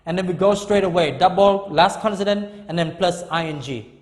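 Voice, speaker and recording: A man in his fifties teaching an English grammar lesson, speaking slowly and emphatically and repeating key words. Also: sits high, in a large hall.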